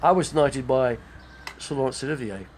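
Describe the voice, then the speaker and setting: A man's voice: mid-range voice, normal speed, darkish tone, slight background noise, close to an everyday voice. A man doing an impression of a pompous old Shakespearean stage actor, drawling and rolling his r's. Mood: grandiose. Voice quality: theatrical rolled r's, drawling.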